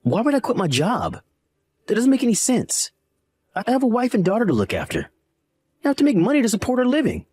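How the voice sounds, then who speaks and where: A man's voice: very high voice, wildly swooping pitch, brisk, pauses often, a little mellow, husky, no echo, full character voice. A man playing a defensive, lying son. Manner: defensive, evasive. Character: lying evasive adult son, young father. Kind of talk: scripted story acting.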